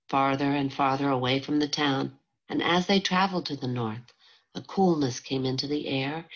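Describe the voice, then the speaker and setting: A woman reading a novel aloud in calm, measured scripted narration. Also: sits low. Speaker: audiobook narrator. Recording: dull lo-fi home recording.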